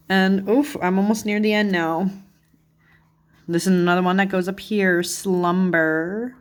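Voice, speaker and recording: A woman's voice: lowish voice, unhurried. A woman hosting a chatty flip-through of a card deck, gushing and easily delighted, with lots of "like" and "oh my goodness". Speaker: tarot channel host.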